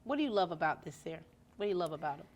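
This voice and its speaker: A woman's voice: fairly low pitch, big pitch swings, rapid-fire. A woman interviewing a student for local TV, effusive and encouraging, with rambling, looping questions. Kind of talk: casual interview.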